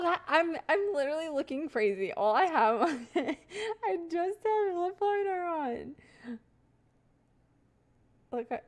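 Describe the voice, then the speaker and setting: A young woman livestreaming, rambling casually to her chat with frequent laughs. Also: fairly high pitch. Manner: chatty, rambling, laughs often, talks to chat.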